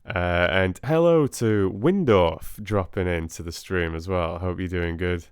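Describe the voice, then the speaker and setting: Male live-stream host, deep, unhurried, hesitant chat, smooth clear voice. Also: no room sound, studio quality. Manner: hesitant, many fillers.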